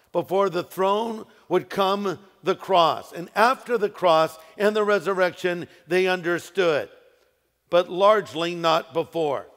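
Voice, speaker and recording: A man preaches a sermon in a big hall with a long echo trailing his words. His voice sits a bit higher than most men's, and he slows down and leans on key phrases for emphasis. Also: a bit bright. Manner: preaching with emphatic rises and slowed, stressed phrases. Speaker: pastor. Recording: echoey hall with long reverb.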